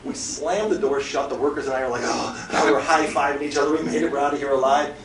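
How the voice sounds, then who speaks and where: A man, a mystery author, telling a comic travel story to a theatre audience, animated and laughing as he acts out scenes. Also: fairly high pitch, quick pace. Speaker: mystery author, interview guest. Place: theatre before a live audience. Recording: echoey theatre, far mic, audience noise.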